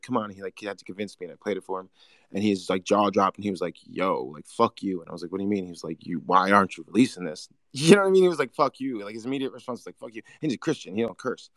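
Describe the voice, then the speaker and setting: A man hosting a podcast, chatting casually and telling stories in an animated way full of "like". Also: fairly low pitch, dry recording. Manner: animated, quick storytelling with lots of "like". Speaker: podcast host. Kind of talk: casual conversation.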